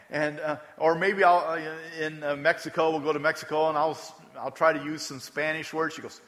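Pastor, male, fairly high and bright voice, chatty sermon delivery with repeated emphasis, long hall reverb. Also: little pitch movement, a little fast, hardly any pauses. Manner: conversational preaching, repeats words for emphasis.

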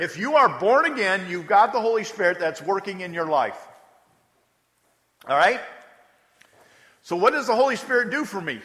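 Bright-voiced pastor preaching in a reverberant hall. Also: male voice, high-pitched. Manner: conversational preaching, repeats words for emphasis. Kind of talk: sermon.

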